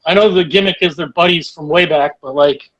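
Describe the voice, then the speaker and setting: High-voiced man, blunt and sarcastic. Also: brisk, fairly bright tone, lo-fi sound. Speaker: podcast co-host. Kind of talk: casual wrestling review chat.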